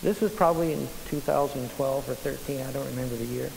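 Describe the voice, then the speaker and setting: A middle-aged man preaching a sermon, telling a personal story with lively, stop-and-start phrasing. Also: mid-range voice, fast, vocal fry. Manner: animated storyteller, frequent restarts. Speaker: pastor. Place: church sanctuary. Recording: long church reverb, faint hiss.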